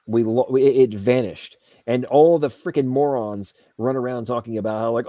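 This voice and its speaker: Male host, heated sarcastic ranting, dry close sound, middle pitch. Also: normal speed, mellow, dry recording. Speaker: show host. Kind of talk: aftershow rant. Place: Asheville home studio.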